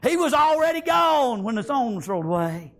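High-pitched preacher shouting amens. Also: male voice, big pitch swings, a little fast. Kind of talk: fiery revival sermon. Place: church.

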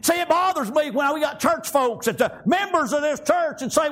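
A male preacher giving a fervent sermon, peppering it with "amen" and "praise God" and rising into shouts. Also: very high voice, expressive, moderate pace, hardly any pauses. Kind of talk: fiery sermon.

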